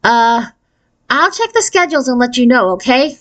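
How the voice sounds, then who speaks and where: A woman's voice: sits high, sing-song, moderate pace, dull audio, voice pushed up. A woman voicing a bold, slightly theatrical fifth-grade girl in a storybook read aloud.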